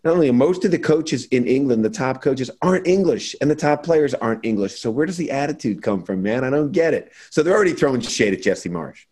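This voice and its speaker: A man's voice: mid-range voice, lively intonation, fast, hardly any pauses, darkish tone. A man from the United States hosting a casual sports talk show, blunt and opinionated. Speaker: podcast host.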